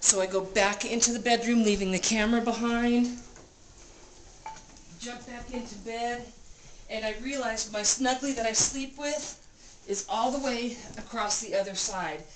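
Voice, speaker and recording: A woman vlogger in a cabin room, telling a personal story in an animated, breathless way and repeating phrases for emphasis. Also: a little high, unhurried. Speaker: vlogger recounting an experience. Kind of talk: casual storytelling. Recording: roomy room with clear background noise.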